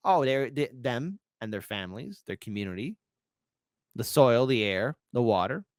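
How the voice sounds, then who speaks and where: A higher-pitched man whose voice swings up and down as he reads news aloud and mocks it with sarcastic asides. The sound is dry and close, with no room around it. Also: a bit bright, no echo. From United States. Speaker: political commentary host. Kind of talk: livestream news commentary.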